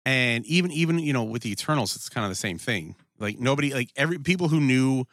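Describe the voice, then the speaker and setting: A man's voice: medium pitch, lively intonation, fast, fairly bright tone, no echo, clean studio sound. Profane, rambling podcast guy. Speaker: podcast co-host. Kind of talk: casual chat about a TV series.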